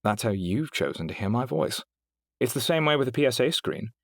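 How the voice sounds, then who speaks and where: For an audiobook, a man voices a poised, courteous female AI companion with a British accent and careful, proper diction, raising his pitch above his own into a mid-range. The gravelly voice is very animated and brisk, recorded dry with clean studio sound.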